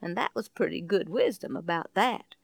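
Animated woman telling a Bible story. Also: fairly low pitch, moderate pace, gravelly, dry recording. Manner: animated, exclamatory, folksy.

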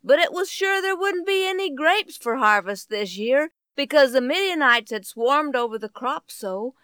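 A woman telling a Bible story in an animated, folksy way, full of exclamations. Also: sits high, clean tone, no echo.

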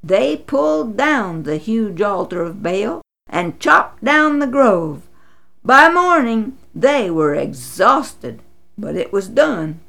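A woman narrating a Bible story with dramatic, expressive delivery. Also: takes it slowly, creaky. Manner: dramatic, voices quotes with big pitch swings.

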